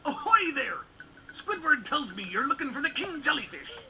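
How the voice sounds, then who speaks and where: An actor playing a gruff old crab man who is a ship captain and shop owner, with gravelly, salty sailor talk in a video game cutscene. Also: extremely high pitch, very animated, normal speed, bright, forceful tone, full character voice. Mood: hearty.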